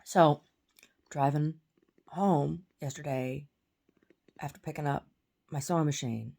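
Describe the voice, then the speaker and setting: A woman's voice: low-pitched, animated, normal speed, gravelly, long pauses, mellow. A woman telling an angry story in a casual, profane rant with stammered restarts, at home. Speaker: vlogger. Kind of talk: casual ranting monologue.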